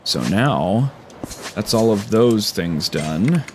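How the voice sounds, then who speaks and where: A man's voice: fairly low pitch, lively intonation, slow, slight background noise. A man streaming a video game and chatting casually in a rambling, playful way.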